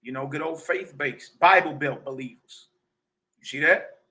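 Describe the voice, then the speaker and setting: A man reacting to a video clip gives emphatic, preachy commentary, speaking directly to his listeners. His voice is a little high, pushed and bright, and a little slow, captured on a low-quality recording.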